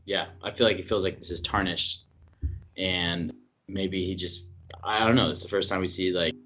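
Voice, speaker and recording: A man's voice: deep voice, steady tone, normal speed, pushed and bright, slight background noise. A man co-hosting a casual podcast, teasing and joking with his friends and laughing often. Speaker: podcast co-host. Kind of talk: casual chat about a TV series.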